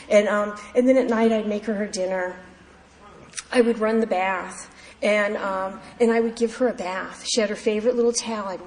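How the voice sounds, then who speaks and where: Woman, recovery talk at a meeting, halting casual speech, roomy reverb. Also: mid-range voice, slight background noise. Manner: conversational, many fillers and restarts. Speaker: AA meeting speaker. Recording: echoey hall, faint ambience.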